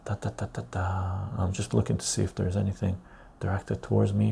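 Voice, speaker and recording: A man's voice: on the low side, flat delivery, brisk, gravelly, dark tone, a little hiss or hum. A man hosting a live stream, chatting loosely with viewers and reading their comments aloud. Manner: loose and chatty, reads the chat aloud, says "right?" often.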